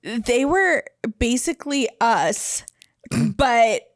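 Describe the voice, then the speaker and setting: A woman co-hosting a podcast in casual chat, animated and laughing often. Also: a little high, very slow, vocal fry, dry recording, clean studio sound. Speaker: podcast co-host.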